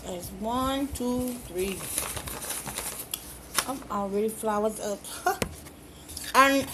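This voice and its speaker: Woman, home cook, high and leisurely, playful folksy patter, noisy kitchen sound. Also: expressive, slow, long pauses, fairly bright tone. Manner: playful, folksy, chatty with the viewers. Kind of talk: cooking demonstration.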